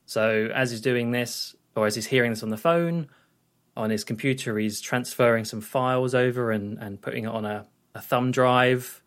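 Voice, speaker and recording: Man, podcast co-host, casual film recap, rambling, lots of fillers, mid-pitched voice. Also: normal speed. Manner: rambling, hesitant, recaps scenes with frequent fillers.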